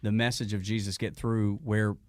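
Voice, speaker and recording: A man's voice: fairly low pitch, flat delivery, normal speed, darkish tone. A man hosting a podcast, friendly and affirming, who often jokes with his guest. His voice sounds dry and close, with no room echo. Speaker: podcast host. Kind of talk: casual interview chat.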